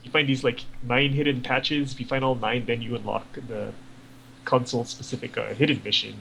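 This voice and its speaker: A man talks casually on a podcast, rambling through his thoughts with plenty of fillers and the odd curse. His voice has a gravelly, creaky edge. A faint noise sits under the recording. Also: medium pitch, flat delivery, a little fast, a bit bright, low-quality recording. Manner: rambling, profane, lots of fillers. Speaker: podcast co-host. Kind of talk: casual gaming chat.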